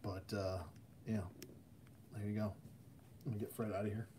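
A man's voice: fairly low pitch, level tone, moderate pace, noisy background. A man casually chatting on a live stream about custom action figures, rambling with plenty of fillers. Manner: rambling, filler-heavy, easygoing.

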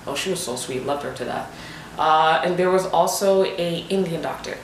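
A woman's voice: low voice, normal speed, a little hiss or hum. Young woman ranting through a storytime, emphatic, lots of "like, what?", echoey room. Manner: animated, emphatic, full of rhetorical questions. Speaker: vlogger. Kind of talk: storytime vlog. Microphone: desk USB microphone. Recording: roomy echo.

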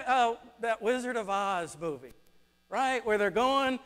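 High-voiced pastor in an echoing church. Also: male voice, a little slow, clear, resonant tone. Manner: animated storytelling, acts out quotes. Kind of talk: sermon. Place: church sanctuary. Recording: long reverb of a church hall.

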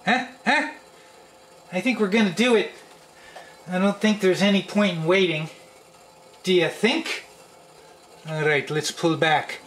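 A man's voice: sits high, fairly even intonation, a little slow, pauses often, fairly bright tone. A man hosting a home cookware test vlog, who talks playfully to the pan as if it were a person. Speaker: channel host.

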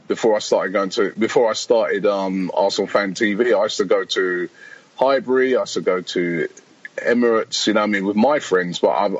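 A man chats as a podcast guest, rambling through long stories and acting out what other people said. His voice sits low and husky, and the recording sounds dull and lo-fi. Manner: rambling storyteller, quotes people, laughs often. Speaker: podcast guest, fan channel founder. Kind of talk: casual chat.

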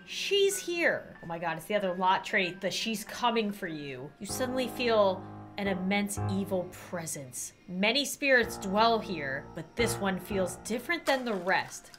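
A young woman doing playful, excitable commentary while playing a game. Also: medium pitch. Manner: excitable, playful, quick reactions. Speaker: gaming YouTuber. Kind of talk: let's play commentary.

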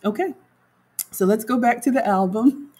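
A woman's voice: a little high, normal speed, warm tone, slightly rough, rough recording. A woman home cook chatting casually on a livestream, walking viewers through her cooking and reading their comments aloud.

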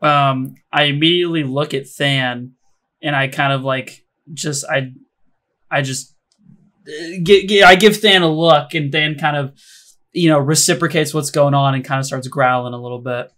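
A man in mid pitch plays a tabletop game, chatting casually and quickly with plenty of slang. His delivery stays relaxed and conversational. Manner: casual, quick, says like and dude. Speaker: player.

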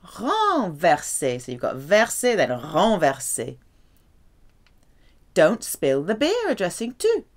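Woman, French teacher, slow measured lesson delivery, very animated pitch. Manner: slow, careful, lively delivery with drawn-out French examples. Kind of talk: language lesson.

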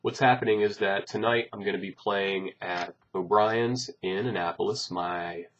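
A man, a bassist, chatting casually to his followers about upcoming gigs, rambling and joking with many fillers. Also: steady tone, normal speed, muffled recording, slight background noise. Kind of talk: casual chat to camera.

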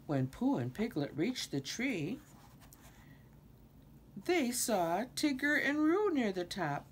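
An older woman slowly reads a children's picture book aloud, her pitch swinging widely as she voices many characters. Her expressive storytelling is unhurried, with faint background noise beneath it.

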